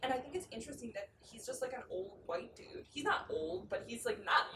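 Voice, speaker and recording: A woman chats eagerly about a book, quick to agree and unbothered about swearing. Her voice sounds roomy and somewhat distant from the mic, with a faint hiss underneath. Her pitch stays in a typical middle range. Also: expressive, vocal fry. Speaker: podcast co-host. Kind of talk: casual book discussion. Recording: echoey room, set back from the mic.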